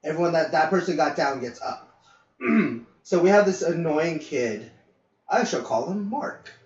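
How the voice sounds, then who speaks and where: A man's voice: on the high side, expressive, measured pace. Rambling man telling a story in a roomy lo-fi recording. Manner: rambling anecdotes with fillers and swearing. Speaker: podcast co-host. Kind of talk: casual storytelling. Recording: roomy, distant, dull lo-fi mic.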